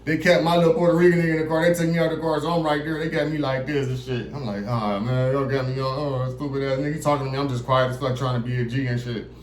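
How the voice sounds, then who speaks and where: A man telling a story from his own life in a casual, animated monologue, swearing freely and acting out what other people said, in a room with some echo. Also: medium pitch, quick pace. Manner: animated, profane, acts out quotes of others. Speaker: vlogger telling a personal story. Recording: roomy echo.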